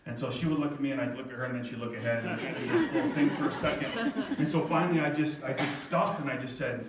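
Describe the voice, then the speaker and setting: A man's voice: medium pitch, fast talker, a loud crowd. Middle-aged man, heartfelt storyteller with a self-deprecating edge, mid-range voice, picked up from a distance in an echoey hall. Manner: heartfelt, self-deprecating, quoting his daughter. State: near tears at moments. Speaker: speaker telling a family story to an audience. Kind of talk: storytelling talk.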